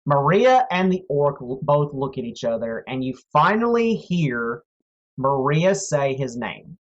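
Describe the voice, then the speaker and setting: A man narrating as game master of a tabletop game, telling the story in a slow, measured way. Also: mid-range voice, animated. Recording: dull lo-fi audio, faint music.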